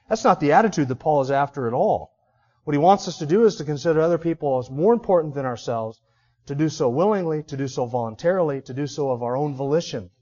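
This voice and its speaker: High-voiced man preaching a sermon. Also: darkish tone, highs cut off. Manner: rhetorical questions, emphatic teaching. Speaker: pastor. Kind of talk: expository sermon.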